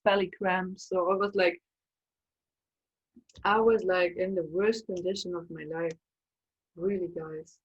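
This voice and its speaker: A woman telling a personal story in an emotional, animated way. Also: on the low side, muffled recording. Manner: emotional, animated, acts out quoted voices. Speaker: spiritual coach and storyteller.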